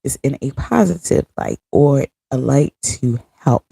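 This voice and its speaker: A woman's voice: very deep voice, animated, unhurried, gravelly, mellow, breathy edge. A woman in her thirties ranting to her viewers in a casual vlog, blunt and heavy on profanity. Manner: blunt, profane, venting angrily. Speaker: vlogger.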